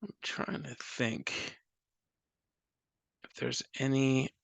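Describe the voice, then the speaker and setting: A man's voice: medium pitch, fairly even intonation, slow pace, vocal fry, no room sound. A man hosting a casual spoken lesson, explaining pronunciation in a friendly way with occasional fillers. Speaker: host teaching a prayer.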